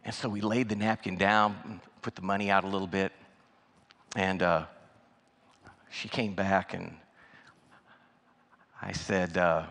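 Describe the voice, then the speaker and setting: A man giving a sermon as a guest speaker, telling a story and acting out the dialogue in an animated way. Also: low voice, measured pace, vocal fry, pauses often. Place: church sanctuary. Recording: long church hall reverb.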